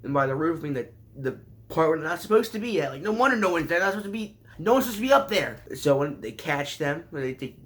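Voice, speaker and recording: A man's voice: on the high side, animated, fast, hardly any pauses. Sarcastic, rambling man recapping a show. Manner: sarcastic, rambling, mocking asides. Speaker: show reviewer.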